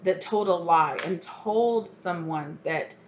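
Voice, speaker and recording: A woman's voice: lowish voice, slow, muffled recording, slight background noise. A woman giving a casual tarot reading, naming cards and thinking aloud with many fillers. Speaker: tarot reader.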